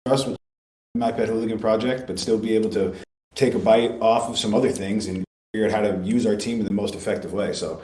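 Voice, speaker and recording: A man from a studio's operations side, joining a casual live voice-chat update and speaking in a quick, upbeat, businesslike way. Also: lowish voice, fairly even intonation, darkish tone, reverberant, low-quality recording.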